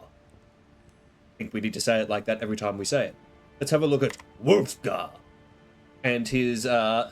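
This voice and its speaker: A man giving casual gameplay commentary, chatty and a bit self-mocking, his voice stuffy from the flu. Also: medium pitch. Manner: chatty, self-deprecating, lots of pauses. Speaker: gaming video creator.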